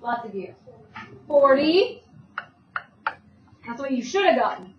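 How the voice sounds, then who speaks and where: A woman math teacher giving a classroom lecture, walking students through the steps with brisk questions. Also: high voice, big pitch swings, muffled recording. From Italian heritage. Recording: echoey classroom, voice from far off, faint hum.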